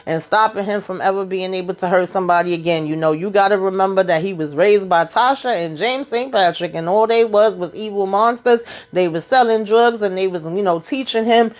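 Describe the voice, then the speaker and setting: A woman's voice: medium pitch, a little fast, hardly any pauses. A woman hosting a casual TV episode recap, telling it in a chatty, slangy way and acting out what the characters say. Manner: chatty, slangy storytelling that acts out the characters' lines. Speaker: TV recap channel host.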